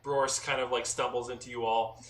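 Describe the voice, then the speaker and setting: Bright-voiced man running a tabletop game. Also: medium pitch, brisk. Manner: relaxed narration with many fillers. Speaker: game master. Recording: roomy echo, mic at a distance, faint noise.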